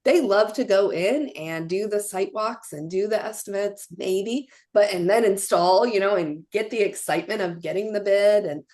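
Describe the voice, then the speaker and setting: A woman consultant appearing as a guest on a casual live-stream interview, her voice at a middle pitch. She talks in a chatty, enthusiastic way, leaning on "like" and "you know" as she goes. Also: moderate pace, hardly any pauses, a little mellow.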